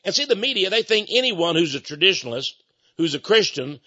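Husky, animated radio-show man. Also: sits high, fairly quick, dull audio. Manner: emphatic, animated delivery. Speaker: radio ministry host. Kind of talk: radio talk show with on-air sales pitch.

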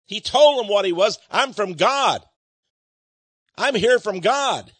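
A man's voice: sits high, animated, slow, fairly bright tone, no room sound. A man preaching a sermon, reading scripture aloud and explaining it. He speaks emphatically, fires rhetorical questions at his listeners and chuckles between points.

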